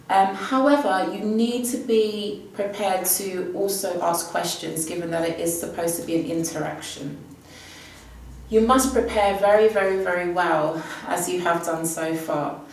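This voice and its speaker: A woman's voice: fairly low pitch, vocal fry, a little mellow, a little hiss or hum. A woman teaching Spanish, giving an upbeat, emphatic exam prep lesson. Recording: distant mic with heavy room echo.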